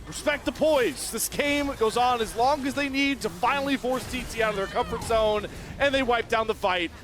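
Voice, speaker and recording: A man giving excitable play-by-play commentary on an esports match. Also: very high-pitched. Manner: excitable, quick shifts in energy. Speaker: esports caster.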